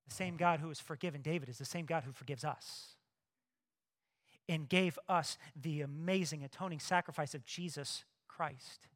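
A male pastor preaching a sermon, lively, swinging between hushed asides and loud emphatic bursts. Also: fairly high pitch, moderate pace.

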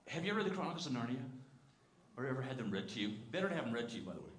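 Rapid-fire and emphatic, a pastor preaches in earnest, softening to a low voice on the tender passages. He spins lively stories, acting out the quoted characters in different voices, while the church sanctuary echoes with faint room noise.

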